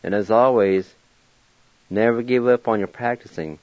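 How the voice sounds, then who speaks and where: A man hosting a radio language lesson, spelling each word letter by letter and repeating it slowly and patiently. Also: lowish voice, dry recording. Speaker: language teacher on a radio show. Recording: dull, lo-fi radio recording.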